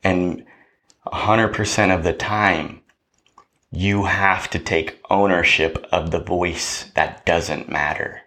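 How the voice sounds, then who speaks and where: A man's voice: low-pitched, fairly even intonation, takes it slowly, pushed and bright. A man hosting a podcast, giving a motivational talk in a preachy way, often checking in with "right?". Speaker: podcast host.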